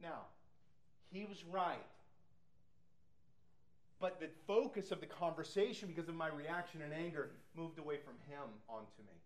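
A middle-aged man preaches to his congregation in a slightly raised voice, telling stories and acting out what people said. He moves between quiet, reflective stretches and loud, emphatic bursts. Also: a little high, moderate pace, pauses often. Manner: animated storytelling with acted quotes. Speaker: pastor. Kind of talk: sermon Bible study.

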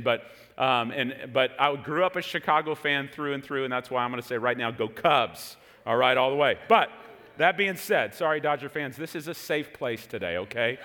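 A man in his forties, raised in Texas, preaching a sermon and telling a story with jokes to the congregation. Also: mid-range voice. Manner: animated storytelling with jokes to the room. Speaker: pastor. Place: large hall with an audience. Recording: long hall reverb.

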